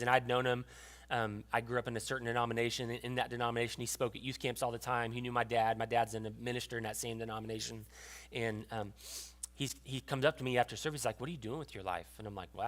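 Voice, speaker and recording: A young adult man preaches from his own life in a loose, storytelling way, full of fillers and restarts. His voice sits at a middle pitch for a man. At tender moments he grows quiet and hushed. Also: flat delivery, fast. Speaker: pastor. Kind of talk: sermon.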